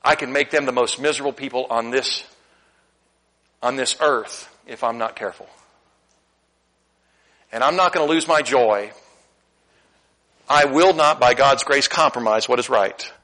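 A middle-aged man preaching a sermon in a church, candid and animated, swinging between loud emphasis and quiet asides. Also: mid-range voice, low-quality recording. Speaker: pastor. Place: church sanctuary.

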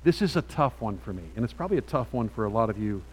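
A man preaching a sermon from a Bible passage, talking in a halting way with many restarts and frequent rhetorical "right?"s. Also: fairly low pitch, expressive, a little hiss or hum, poor audio.

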